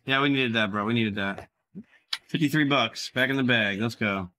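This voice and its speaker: Male streamer, tense forceful tone, profane running commentary on his own gambling. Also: mid-range voice, normal speed. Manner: profane, swings between begging and cursing. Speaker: livestreamer.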